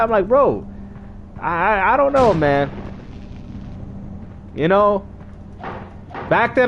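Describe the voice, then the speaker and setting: Animated high-voiced man telling a story. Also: slight background noise. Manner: animated, slangy, acts out quotes with big pitch jumps. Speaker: gaming streamer. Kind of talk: casual storytelling to a stream.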